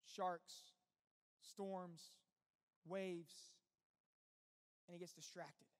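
A pastor preaching a sermon in an earnest, conversational way, full of rhetorical questions. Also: male voice, high-pitched, flat delivery, extremely slow. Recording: long reverb with faint music behind.

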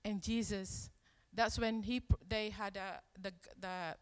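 Slow-speaking woman preaching in a hall. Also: mid-range voice, steady tone, smooth. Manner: conversational storytelling, acts out quoted lines. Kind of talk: sermon.

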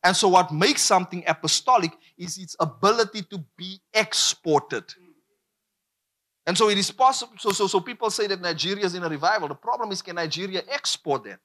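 A man's voice: high-pitched, lively intonation, brisk, sharp tone. A man preaching a sermon, emphatic and repetitive, drawing call-and-response from the congregation.

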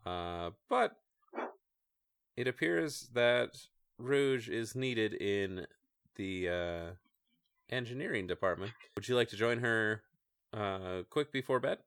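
Low-voiced man running a tabletop game. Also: takes it slowly, pauses often, clean tone, no room sound, studio quality. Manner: relaxed, with frequent filler hesitations. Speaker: game master and podcast host.

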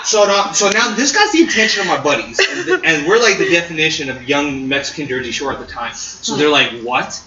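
A man's voice: fairly high pitch, animated, fairly quick, noisy background. A young man telling a rambling, laughing story in casual chat, swearing freely. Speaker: podcast guest. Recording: roomy, distant, dull mic with crowd.

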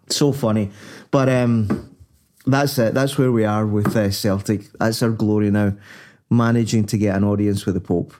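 A Scottish man chatting on a podcast in a mellow, warm voice. He tells rambling stories and swears casually. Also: medium pitch, normal speed. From Scotland. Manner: rambling anecdotal storyteller, swears freely. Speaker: podcast co-host.

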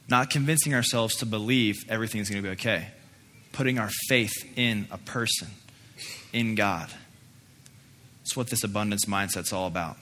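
A man's voice: fairly low pitch, normal speed, pushed and bright. Earnest pastor man preaching in a hall. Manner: earnest, with frequent emphatic repeats. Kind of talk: sermon with personal story and prayer. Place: church sanctuary. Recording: echoey hall, faint noise.

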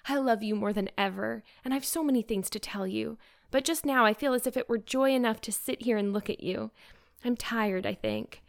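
A woman's voice: on the high side, normal speed, gravelly. A woman voicing an eager, dreamy teenage girl in a storybook reading, earnest and effusive. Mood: joyful. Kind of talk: audiobook character reading.

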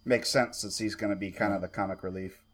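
A man's voice: on the low side, fairly even intonation, quick pace, fairly bright tone. A man co-hosting a casual chat, talking in a rambling way with lots of fillers and the odd curse. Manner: rambling, profane, with many fillers. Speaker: podcast co-host.

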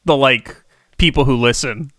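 A man's voice: medium pitch, normal speed, a bit bright, no room sound. A man co-hosting a podcast in casual chat, often stammering and restarting his sentences. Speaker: podcast co-host.

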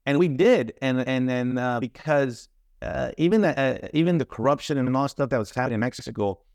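A man's voice: mid-range voice, brisk, darkish tone, no room sound, studio quality. A man, a former trafficking investigator, talking as a guest in an interview, emphatic and often repeating or restarting his words. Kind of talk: interview conversation.

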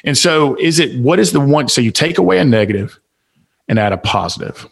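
A man's voice: mid-range voice, animated, brisk, gravelly, breathy edge. Preachy Southern man giving motivational advice. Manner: preachy, emphatic, fires off rhetorical questions. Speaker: guest author and speaker. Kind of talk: motivational podcast interview.

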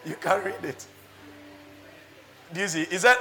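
A male pastor preaches with a bright, forceful voice that sits a little high. He keeps it lively, laughing and firing rhetorical questions at his listeners. The sound rings with a long reverb from a hall. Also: normal speed, long pauses, faint music behind. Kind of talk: sermon.

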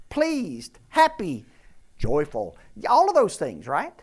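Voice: medium pitch, wildly swooping pitch, slow, a bit bright. An older preacher giving an interactive sermon in a church, questioning the congregation, teasing and emphatic. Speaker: preacher teaching scripture.

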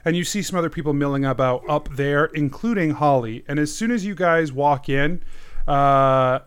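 A man's voice: fairly high pitch, normal speed, smooth. A man running a tabletop game as game master, narrating in a loose, chatty way with many fillers and frequent laughs.

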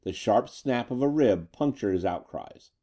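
A man narrating a pulp story in a measured, dramatic reading. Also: mid-range voice, lively intonation, warm tone.

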